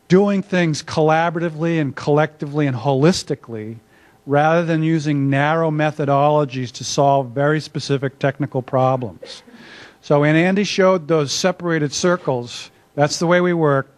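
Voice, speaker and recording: An older man, an academic, giving a conversational workshop presentation in a conference room, with frequent filler words. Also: fairly high pitch. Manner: conversational, self-deprecating, many filler uhs. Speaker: academic speaker.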